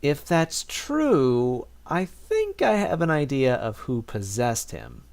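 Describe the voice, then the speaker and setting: Animated, rambling male game streamer. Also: medium pitch, takes it slowly. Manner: chatty, rambling, thinks aloud with many restarts. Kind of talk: casual livestream commentary.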